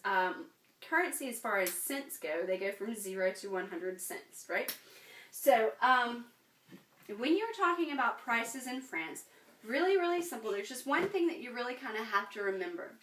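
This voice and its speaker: A woman's voice: a little high, fairly bright tone, recorded from a distance, a little hiss or hum. A woman teaching a French lesson in a chatty way, with frequent ums and check-ins of "right?". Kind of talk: classroom lesson. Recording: echoey room, voice from afar.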